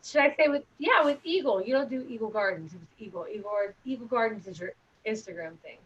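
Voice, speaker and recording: A woman's voice: a little high, lively intonation, fairly quick, slightly rough, muffled recording. A woman guesting on a casual podcast, bubbly and giggly, often tripping over her words. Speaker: podcast guest, cannabis grower.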